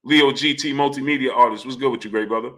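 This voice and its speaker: A man's voice: mid-range voice, quick pace, a bit bright. A man hosting a boxing livestream, talking casually, greeting chatters by name and firing the same question again and again.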